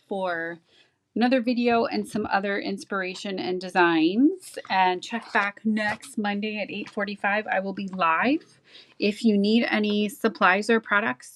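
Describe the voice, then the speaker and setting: A chatty, enthusiastic woman talks viewers through a craft project as she works. She speaks at an unhurried, leisurely pace, her voice sitting at an ordinary middle pitch. A faint hiss sits under the recording. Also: a bit bright, low-quality recording. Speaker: card-making demonstrator. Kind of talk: casual craft tutorial.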